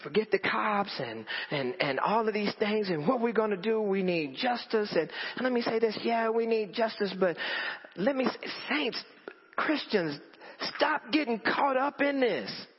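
A man preaching a storytelling sermon to a congregation, animated and repeating phrases for emphasis. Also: high voice, a little slow, slightly rough. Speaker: pastor. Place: church in front of a congregation. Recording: dull lo-fi audio with long hall reverb.

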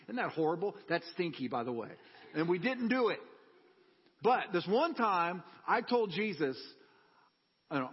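Man, preacher, husky voice, animated storytelling, dull recording with long hall reverb. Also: sits high, unhurried, long pauses. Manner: animated personal storytelling with humor. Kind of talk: sermon.

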